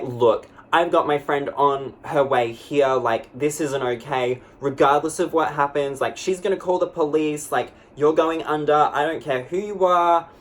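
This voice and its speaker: A man playing a rambling girl vlogger. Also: mid-range voice. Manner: rambling, lots of "like", breathless and dramatic. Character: young woman vlogger telling a dramatic storytime. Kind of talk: comedic storytime monologue.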